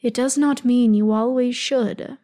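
A woman voicing a stern but caring older male elf lord, speaking formally and with measured firmness. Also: on the high side, fairly even intonation, mellow, natural voice. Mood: firm, stern. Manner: measured, formal, firm then soothing.

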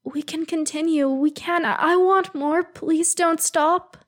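A woman's voice: very high voice, steady tone, measured pace, voice pushed up. A woman voicing a dazed, fragile young male elf who pleads in a small voice. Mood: pleading.

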